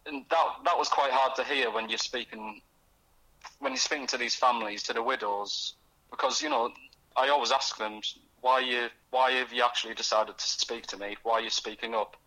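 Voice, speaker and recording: A young man is talking in a casual radio interview. His voice is bright and forceful, and his sentences halt and restart as he slips into the voices of the people in his stories. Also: mid-range voice, lively intonation, poor audio. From North East England. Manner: halting, many restarts, acts out quoted voices. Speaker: guest author. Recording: radio studio.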